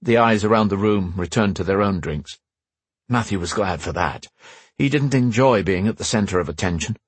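A man's voice: fairly low pitch, normal speed, slightly rough, no echo. A man narrating a novel as an audiobook, telling the story expressively into a close mic. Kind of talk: scripted narration.

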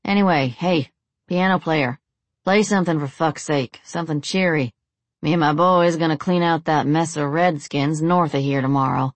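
Lady reading as a sloppy drunk cowboy, low voice, slurring a bit, dry sound. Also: steady tone, moderate pace, dry recording. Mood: leering. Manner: slightly slurred, boorish drawl. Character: drunken crude male cowboy gunman.

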